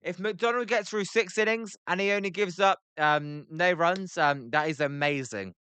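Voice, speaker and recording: A young British man with a British accent calling a baseball game on a livestream, reading chat aloud between pitches with lots of filler words. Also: normal speed, sharp tone, clean tone, no echo. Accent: British English. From Britain. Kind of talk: casual play-by-play livestream commentary.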